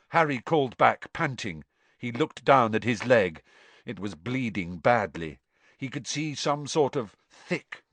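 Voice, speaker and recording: Brief: male storyteller, animated dramatic reading, very lively pitch, dry close-miked sound. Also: no room sound. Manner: expressive, rises with the action. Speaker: audiobook narrator.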